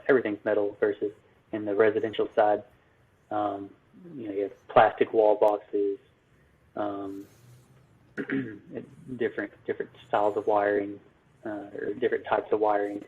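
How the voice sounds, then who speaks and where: A man, an electrical business owner, answering interview questions in a halting way full of ums and restarts. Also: on the low side, slight background noise. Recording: phone-like narrow line.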